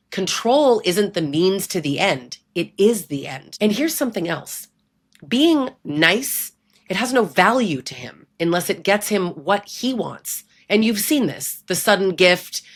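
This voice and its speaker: Woman, lowish voice, blunt, emphatic, conversational advice talk, keeps asking "right?". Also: a bit bright. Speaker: relationship abuse educator. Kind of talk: direct-to-camera advice talk.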